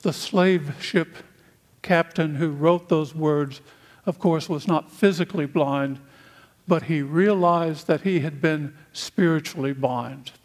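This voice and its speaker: A man from the United States preaching a sermon, speaking in slow, deliberate phrases with long pauses. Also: fairly high pitch.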